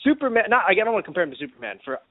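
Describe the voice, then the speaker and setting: A man chatting on a podcast, his speech rambling and full of fillers and restarts. His voice sits a touch high and swings widely in pitch. The sound is dry and thin, like a phone line. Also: big pitch swings, racing, no echo. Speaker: podcast co-host. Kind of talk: casual podcast chat.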